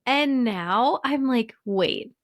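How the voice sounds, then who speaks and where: A woman's voice: medium pitch, moderate pace, a bit bright. A woman co-hosting a podcast in casual chat, telling candid stories about her own life. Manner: candid, storytelling with laughs between phrases. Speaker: podcast co-host.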